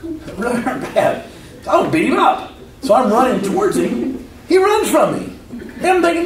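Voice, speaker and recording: A man in his fifties giving a personal story talk, animated, acting out the voices in his stories. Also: very high voice, moderate pace. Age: 50s. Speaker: speaker. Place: lecture hall. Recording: echoey hall, from far off.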